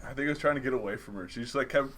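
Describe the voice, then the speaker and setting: A man's voice: medium pitch, racing. Young man with dry jokes and noise. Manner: dry joking, laughs mid-sentence. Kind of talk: casual chat.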